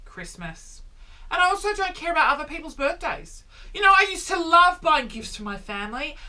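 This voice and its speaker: A man in his thirties delivering a comedic vlog monologue, animated and exaggerated, with sudden loud exclamations. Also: very high-pitched. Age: 30s. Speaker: vlogger.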